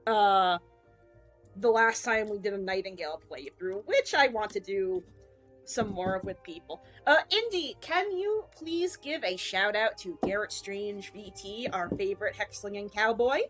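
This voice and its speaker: A woman's voice: medium pitch, lively intonation, unhurried, a bit bright, faint music behind. A woman streamer chatting casually and playfully, swearing and laughing often. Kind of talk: casual live-stream chat.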